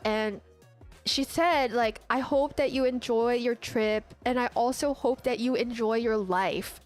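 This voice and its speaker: A young woman streamer chatting casually, telling an animated story full of "like" and restarts. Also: fairly high pitch, a little slow, soft background music. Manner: animated storytelling, heavy use of "like". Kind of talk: casual chat.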